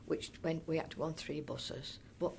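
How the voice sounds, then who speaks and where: A woman's voice: low-pitched, fairly even intonation, moderate pace, creaky, a little mellow, a little hiss or hum. An older woman, reminiscing in a chatty, rambling way as an oral history interviewee. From North East Derbyshire area of England. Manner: chatty and rambling, with frequent restarts and fond asides.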